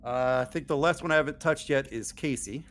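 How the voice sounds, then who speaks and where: A man's voice: mid-range voice, fairly quick. A man narrating as game master of an online tabletop role-playing game, talking casually with fillers and restarts. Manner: relaxed, with many fillers and restarts.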